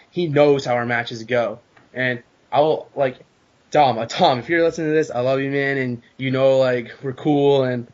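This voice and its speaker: A man guest on a casual podcast, telling a story with animated, profane energy. His voice sits in an ordinary middle register. The recording is dull and lo-fi. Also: medium pitch. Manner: animated storytelling, swears a lot. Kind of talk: casual chat.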